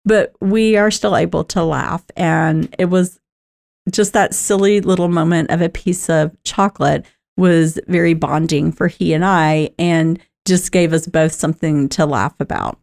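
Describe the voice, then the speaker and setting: A woman's voice: low-pitched, steady tone, unhurried, vocal fry, a little mellow. A middle-aged woman talking candidly about keeping a positive mindset, conversational with lots of fillers and laughter. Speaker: talk host. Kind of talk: personal talk on positive mindset.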